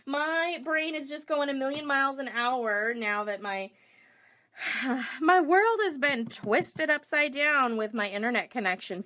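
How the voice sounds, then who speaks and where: This woman's voice sits on the high side and sounds fairly bright. Middle-aged and chatty, she works through a paper craft live, pausing to say hello to viewers and read out what they've commented.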